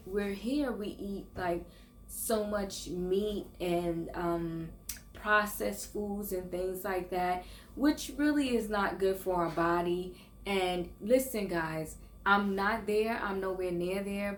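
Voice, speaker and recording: A woman's voice: mid-range voice, slight background noise. Earnest older woman vlogging in echoey room. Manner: earnest, encouraging, with restarts and stumbles. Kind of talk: casual faith and self-help vlog.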